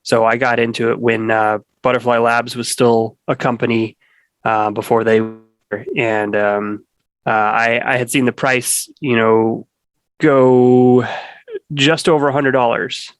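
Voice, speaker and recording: A man's voice: mid-range voice, flat delivery, a little slow, clean tone, dry recording. A man speaking as a podcast guest in casual conversation, rambling with many restarts and fillers.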